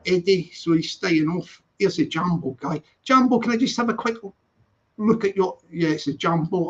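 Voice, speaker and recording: A Scottish man hosting a casual live stream, upbeat and chatty, repeating his greetings. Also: high-pitched. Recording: dull lo-fi sound.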